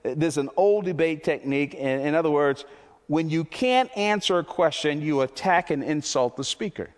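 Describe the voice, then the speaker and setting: A man preaching a sermon as pastor, impassioned and repetitive, his voice climbing toward near shouts. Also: fairly high pitch, expressive, moderate pace, big-room sound.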